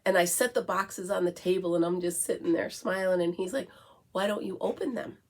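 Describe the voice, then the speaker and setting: A woman's voice: fairly low pitch, a little fast. A middle-aged woman from the United States hosting a casual morning coffee chat, chatty and breaking into baby talk with her dog. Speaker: vlog host.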